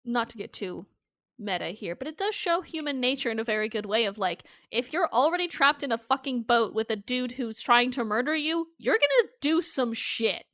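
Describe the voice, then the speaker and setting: A woman's voice: a little high, big pitch swings, normal speed, fairly bright tone. A woman co-hosting a podcast, talking bluntly and swearing freely as she recaps a TV episode. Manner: blunt, profane, emphatic. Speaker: podcast co-host. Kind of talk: casual chat recapping a TV show.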